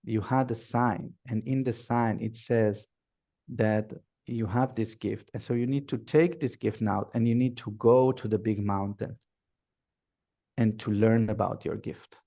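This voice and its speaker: A man's voice: on the low side, fairly even intonation, measured pace, dark tone. A man voicing a serious older village midwife who speaks earnestly in a story.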